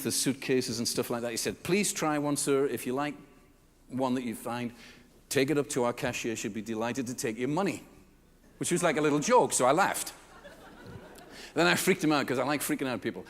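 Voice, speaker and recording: Man telling funny stories to an audience, lively swooping delivery, long hall reverb. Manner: animated, acts out customers and staff with big pitch jumps. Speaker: keynote speaker. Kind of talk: comedic storytelling talk to a live audience.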